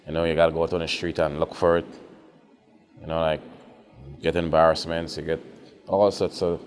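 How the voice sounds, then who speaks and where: A man's voice: very deep voice, little pitch movement, normal speed. A man in his forties speaking hesitantly in a documentary interview, often saying "you know". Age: 40s. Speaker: interviewee at a shelter.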